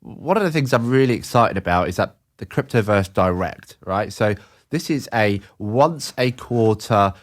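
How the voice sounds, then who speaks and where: A man's voice: on the low side, expressive, moderate pace. A man co-hosting a casual podcast chat, joking and laughing through his stories. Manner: jokey, laughing storyteller. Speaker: podcast co-host.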